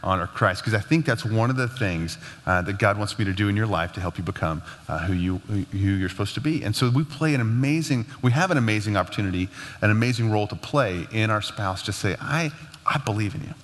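A man teaching about marriage in a relaxed, conversational way, laughing now and then. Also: fairly low pitch, a little fast. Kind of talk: casual teaching talk. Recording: long hall reverb.

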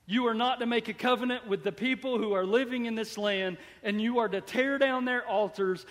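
Man preaching a sermon, voice way up high, goes loud then real quiet, long echo in a big hall. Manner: preaching with sudden swells and drops in volume. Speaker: pastor.

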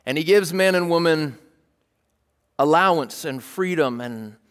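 Pastor, male, a bit high-pitched, animated storyteller in a sermon, big reverberant church hall. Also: a little slow, clean tone. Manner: animated, plays out scenes with sudden shouts. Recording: long reverb of a large hall.

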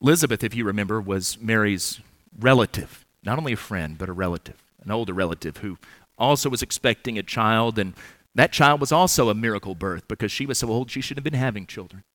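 A man preaching an earnest, measured sermon in church, with touches of gentle humor. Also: lowish voice, animated, no room sound.

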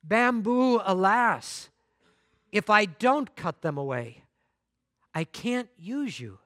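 Casting: grave, tender male garden master, clear and dry, voiced by a man in a sermon story. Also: high-pitched, animated, fairly bright tone, no echo, voice pushed up, full character voice. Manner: grave and slow, with tender address.

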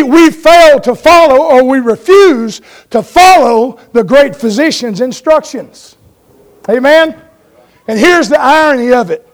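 A man preaching a sermon in a folksy way, telling stories and asking his congregation for an amen. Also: extremely high pitch.

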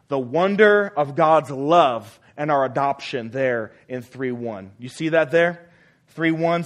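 Delivering a sermon, a man serving as pastor speaks with earnest conviction in a somewhat high voice. Repetition is his tool for emphasis, and his sentences trail off softly.

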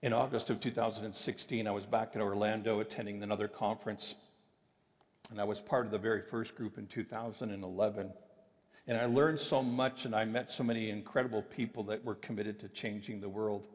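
A man's voice: fairly low pitch, fairly even intonation. Emphatic male preacher in an echoing hall. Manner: emphatic, with deliberate slowed phrases. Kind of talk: sermon. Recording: long reverb of a large hall.

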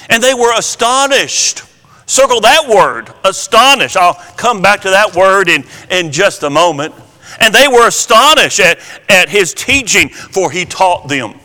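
In a hall with a long, trailing reverb, a preacher teaches from the Bible slowly and emphatically. His voice sits high, bright and forceful, and he repeats key words to drive points home.

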